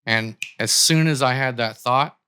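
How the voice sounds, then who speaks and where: A man's voice: medium pitch, unhurried, sharp tone, smooth. A man as a podcast guest, telling a long personal story in casual conversation, with many likes and restarts.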